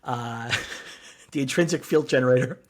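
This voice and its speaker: A man co-hosting a podcast, retelling a TV episode in a rambling, animated way with laughs and swearing. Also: mid-range voice, moderate pace. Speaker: podcast co-host. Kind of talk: casual recap chat.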